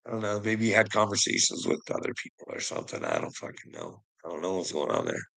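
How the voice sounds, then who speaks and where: Gravelly man, rambling and swearing. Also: low voice, huge pitch swings, quick pace, rough recording. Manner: rambling, heavy swearing, frequent "you know what I mean"; trails off quietly at phrase ends. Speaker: vlogger. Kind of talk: casual monologue to camera.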